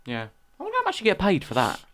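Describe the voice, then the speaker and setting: A young man, co-hosting a casual podcast chat in a relaxed, rambling way with many restarts. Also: high-pitched, rapid-fire. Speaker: podcast co-host.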